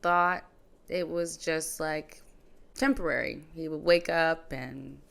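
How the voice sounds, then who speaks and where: A woman hosting a podcast, reflectively retelling a personal story in a conversational way, her phrases often trailing off softly. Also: deep voice, fairly even intonation, slow, creaky. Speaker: podcast host.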